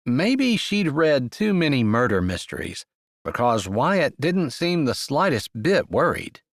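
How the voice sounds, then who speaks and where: A man reading a romance audiobook aloud in expressive, measured storytelling narration. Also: mid-range voice, dry recording, studio quality. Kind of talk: scripted narration.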